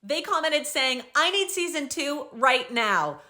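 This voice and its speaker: A woman's voice: sits high, big pitch swings, unhurried, pushed and bright. A young woman host recapping and reading out social media comments in an upbeat, bubbly way.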